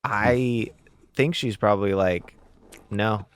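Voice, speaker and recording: Relaxed and good-humored, a man co-hosts a podcast and chats casually about a TV episode. His voice sits in the mid-range at a normal speed, and the recording is dry, with clean studio sound.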